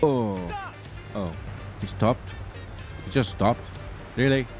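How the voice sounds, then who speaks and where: A man's voice: mid-range voice, slow, over music. A man sarcastically commentating a game as he plays, exasperated and swearing freely. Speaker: gameplay commentator. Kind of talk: let's play commentary.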